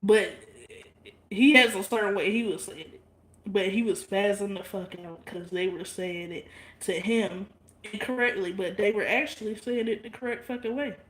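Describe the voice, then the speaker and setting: A woman's voice: mid-range voice, normal speed. Blunt, profane woman in an echoey room. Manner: blunt, profane, laughs often. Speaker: livestream vlogger. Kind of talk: casual livestream chat with viewers.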